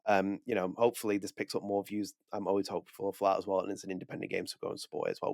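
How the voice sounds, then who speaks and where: A man co-hosting a video podcast, talking casually in a rapid, animated way with frequent restarts. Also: low-pitched, creaky, no room sound, studio quality. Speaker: podcast co-host. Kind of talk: casual chat.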